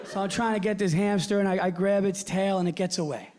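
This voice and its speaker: A man in his forties performing a stand-up set, telling stories animatedly and shouting his punchlines. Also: high voice, quick pace, hardly any pauses. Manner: animated storytelling, shouting punchlines, acting out characters. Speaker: stand-up comedian. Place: theater stage before a live audience. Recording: live show with loud crowd laughter.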